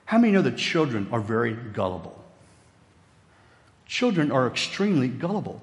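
A man's voice: mid-range voice, big pitch swings, normal speed, long reverb tail. A middle-aged man from Virginia, preaching a sermon in a folksy storytelling way with jokey asides. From West Virginia, USA. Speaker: pastor.

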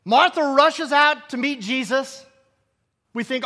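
A man's voice: very high voice, animated, moderate pace, sharp tone, in a large hall. A man preaching a sermon, acting out scripture scenes and asking rhetorical questions.

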